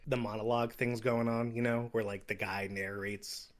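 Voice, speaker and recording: A man's voice: medium pitch, little pitch movement, normal speed. A young man co-hosting a podcast, laid-back and rambling, often chuckling as he retells scenes. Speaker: podcast co-host. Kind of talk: casual chat.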